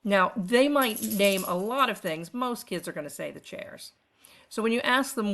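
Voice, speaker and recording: A middle-aged woman teaching art, her voice bright and a touch low. She explains step by step and poses questions to the listener, in clear instructional narration. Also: moderate pace.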